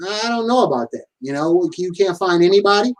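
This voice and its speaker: A man co-hosting a podcast who tells his side of the story in a measured, fact-focused way and sometimes teases with playful interruptions. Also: high-pitched, expressive, distant mic, rough recording. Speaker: podcast co-host. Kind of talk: casual conversation.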